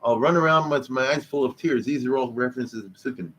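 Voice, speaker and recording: A man's voice: mid-range voice, fast, a bit bright, dull audio. A man, a rabbi, giving an informal history lesson in a synagogue hall, mixing in Hebrew and Yiddish words and briefly voicing the people in his stories. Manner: peppers speech with Hebrew and Yiddish terms. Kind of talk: informal lecture.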